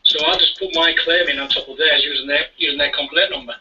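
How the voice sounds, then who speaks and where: A man's voice: a little high, fairly even intonation, quick pace, bright, forceful tone. A man telling his story in casual chat, rambling, repeating words and chuckling now and then. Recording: dull distant radio audio.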